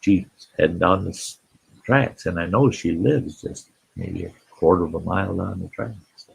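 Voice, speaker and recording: A man with a deep, low voice that is gravelly and very husky tells a rambling, folksy story on his live stream. He talks slowly and stops now and then to greet people in the chat. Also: rough recording.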